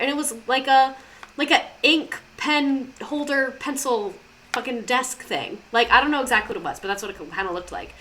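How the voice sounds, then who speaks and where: A young woman talks casually on a live stream, with a fairly high, very bright voice. She swears often and slides off topic into chatty tangents. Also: normal speed.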